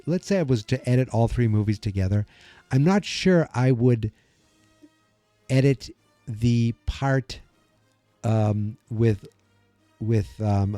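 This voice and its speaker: A middle-aged man hosts a podcast in a very dark, mellow voice, rambling casually through his thoughts with many restarts. The sound is dry and close, with no room around it. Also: mid-range voice, dry recording. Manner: rambling, acts out movie lines in quick voices. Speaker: podcast host. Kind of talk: casual movie commentary.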